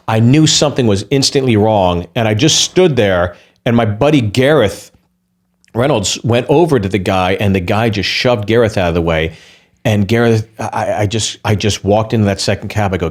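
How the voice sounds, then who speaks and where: A man, a guest comedian, telling a story in lively podcast chat, restarting quickly and acting out quotes. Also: fairly low pitch.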